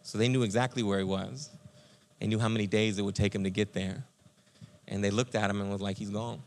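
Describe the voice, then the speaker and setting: A man pastor giving a conversational, energetic sermon, speaking to listeners as friends. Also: lowish voice, brisk.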